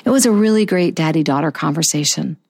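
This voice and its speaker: A woman in her fifties hosting a motivational talk show, earnest and encouraging, slowing down to stress key phrases. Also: low voice, a little mellow. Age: 50s. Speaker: podcast host.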